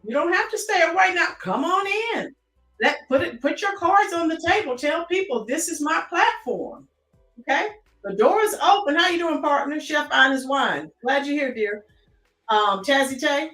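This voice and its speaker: A woman's voice: high voice, lively intonation, normal speed, fairly bright tone, roomy sound, recorded from a distance, soft background music. An American woman hosting a live-stream commentary, chatting and greeting her chat viewers by name. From United States.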